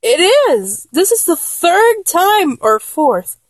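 A woman's voice: high-pitched, sing-song, takes it slowly, no echo, heavily acted. A young woman voice actor playing a flustered, blunt young woman in a one-sided audio role-play, exasperated, stammering and swearing.

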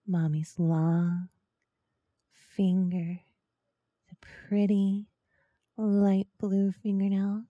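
A woman in whispered role-play, speaking softly and coaxingly, with teasing murmurs close to the microphone. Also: fairly low pitch, no echo, highs cut off. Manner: soft, slow, coaxing and teasing, with breathy murmurs. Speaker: ASMR role-play performer.

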